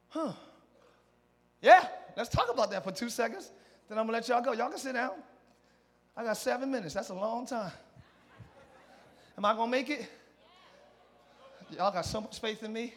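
A male pastor preaching a live church sermon, exhorting and shouting to the congregation, then dropping into quieter conversational asides. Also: very high voice, lively intonation, moderate pace, long pauses. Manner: drops to a quiet conversational tone between shouted passages. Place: church sanctuary.

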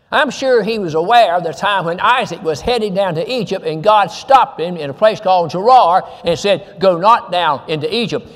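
A man's voice: high voice, big-room sound. A male pastor, preaching a sermon with emphatic repetition and scripture quotes.

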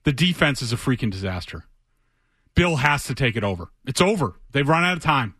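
A man's voice: mid-range voice, sing-song, a little fast, pushed and bright, breathy edge, dry recording. A man, a football reporter appearing as a guest in a radio studio, explaining plays in careful detail in a casual way. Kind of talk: sports radio talk.

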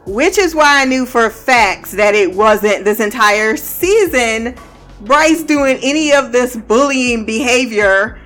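A woman's voice: fairly high pitch, animated, slow pace, a bit bright, soft background music. A woman giving a casual, blunt and profane recap of a TV show, often breaking into laughter. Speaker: TV show reviewer.

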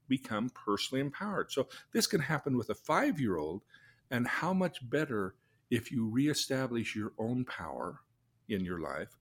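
Middle-aged man, podcast host. Earnest, instructive, deliberate on key points. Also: medium pitch. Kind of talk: casual advice talk.

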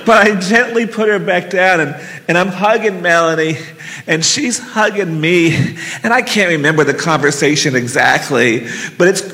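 A man's voice: high voice, moderate pace, pushed and bright. A middle-aged man telling a personal story live on stage into a handheld mic, earnest and vivid, with casual swearing. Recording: long reverb of a hall.

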